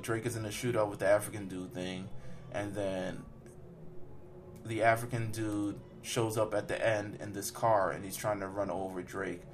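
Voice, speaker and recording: Rambling young man recapping a film. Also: lowish voice. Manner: rambling, profane, many fillers. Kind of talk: casual chat, recapping a film.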